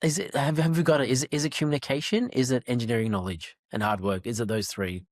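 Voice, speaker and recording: A man hosting a podcast, probing and challenging his guest, pressing for clear answers. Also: mid-range voice, fast, no room sound, studio quality. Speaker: podcast host. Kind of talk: casual interview conversation.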